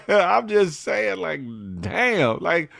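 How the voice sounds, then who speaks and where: Animated storytelling man with a dry sound. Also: a little high, normal speed, no echo. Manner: storytelling, animated quoted voices, laughs often. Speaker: morning show host. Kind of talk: casual livestream chat reading comments.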